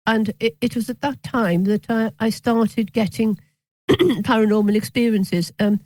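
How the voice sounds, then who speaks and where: A woman, a physician telling stories as an interview guest, hesitant with many pauses and restarts, wry at times. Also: medium pitch, darkish tone, dry recording, rough recording. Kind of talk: conversational storytelling interview.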